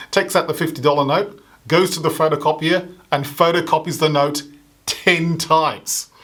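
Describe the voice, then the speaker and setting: A man's voice: fairly high pitch, a bit bright. Man telling a stand-up story. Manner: acts out other people's lines with a raised voice. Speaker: stand-up comedian.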